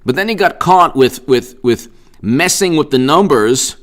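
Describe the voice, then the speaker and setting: A man hosting a political commentary live stream, speaking sarcastically and in an animated way and often repeating himself. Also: on the high side, unhurried.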